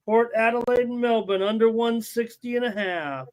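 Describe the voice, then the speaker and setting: High-voiced man giving betting picks. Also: normal speed. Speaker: betting stream co-host and picker. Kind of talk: casual live-stream banter.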